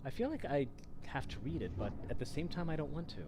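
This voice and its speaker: A man's voice: a little high, sing-song, fast talker, background noise. A man casually commenting while playing a video game, chatting, reading game text aloud and swearing at enemies. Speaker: let's play host.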